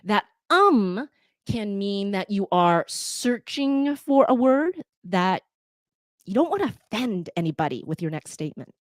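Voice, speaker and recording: A woman from Canada with a North American accent, a podcast editor talking to listeners in a lively, conversational way with fillers. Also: medium pitch, measured pace, dry recording, clean studio sound. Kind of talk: talk to listeners.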